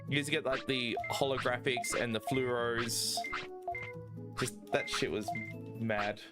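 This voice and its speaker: A man, chatting casually while streaming a speedrun, rambling and excitable with lots of swearing and fillers. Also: mid-range voice, measured pace. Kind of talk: casual chat while playing. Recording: game music playing behind. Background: video game music.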